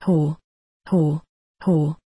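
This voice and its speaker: A woman's voice: deep voice, steady tone, very slow, mellow, breathy edge, no echo, studio quality, heavily acted. A woman voicing a coarse, blunt male employment agent, in a storybook reading. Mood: gruff. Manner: blunt, mocking, dropped aitches. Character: coarse London male employment agent, cigar-chewing, gruff.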